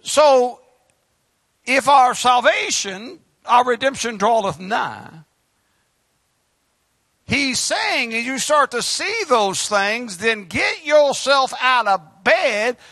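A man preaching a fiery, exhorting sermon as pastor, swinging between shouts and quiet asides. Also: very high voice, very animated, slow, no echo, clean studio sound.

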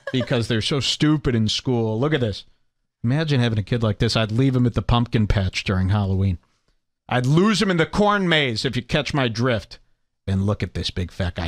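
A man's voice: medium pitch, no room sound, clean studio sound. A man hosting a comedy podcast, ranting in a crude, mocking and sarcastic way. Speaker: podcast host.

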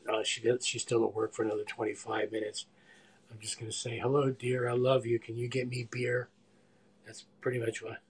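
This live-stream cook, a man in his sixties, chats aimlessly while cooking at home, regularly letting sentences fade into mumbled asides. His voice is medium-pitched, fairly bright and slightly rough.

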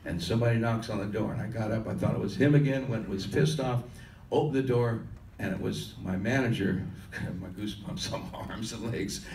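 A man's voice: on the low side, brisk, few pauses, a little mellow, slight background noise. An older man, a musician, telling a rambling story to an audience at a live question-and-answer session. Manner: loose, rambling storyteller with restarts. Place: conference hall. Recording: echoey hall, heard from far off.

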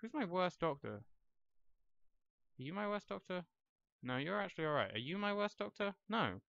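A man's voice: sits high, big pitch swings, normal speed, gravelly, a bit bright, dry recording, muffled recording. A young man giving casual gameplay commentary, rambling and talking to the characters on screen. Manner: rambling, talks to the game characters. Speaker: let's play gamer.

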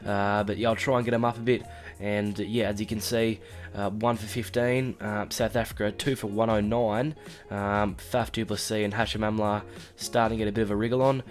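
An Australian man with a congested, stuffy voice from a cold, giving chatty let's-play commentary with lots of fillers and sudden excited outbursts. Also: lowish voice, a little fast, soft background music. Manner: chatty, rambling with fillers, bursts into excited shouts at big moments. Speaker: gaming YouTuber.

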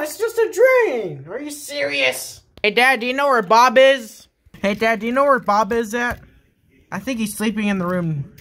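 Exasperated skit performer, bright voice. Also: medium pitch, very animated, moderate pace. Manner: exasperated scolding. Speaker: skit performer playing the son. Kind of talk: comedy skit acting.

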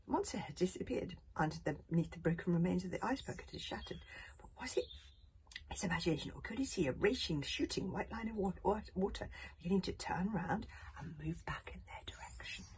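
Woman reading a children's story aloud, animated delivery, low-ish voice, whispery moments, asides. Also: fast. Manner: expressive, drops to whispers, laughs at slips and adds asides. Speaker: reader.

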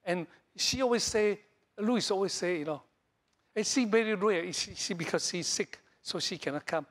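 A middle-aged man from Taiwan, a Taiwanese native speaker, preaching a sermon in broken English full of repeats and fillers, swinging between loud high bursts and soft low lines. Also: moderate pace. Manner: animated, jumps between loud highs and soft lows. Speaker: pastor.

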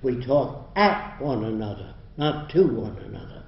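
A man's voice: medium pitch, expressive, unhurried, creaky. An older man lectures bluntly and emphatically, laying out his points with firm conviction. His voice carries through a roomy hall, captured on a dull, lo-fi recording with a faint hiss underneath. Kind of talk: university lecture.

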